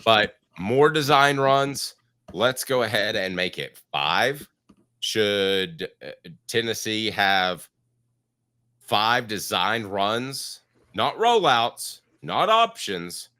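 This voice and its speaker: A man's voice: on the low side, sing-song, drawn-out words, pushed and bright. Congested man hosting sports talk. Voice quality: froggy voice. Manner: opinionated, emphatic. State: congested from allergies. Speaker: sports podcast host.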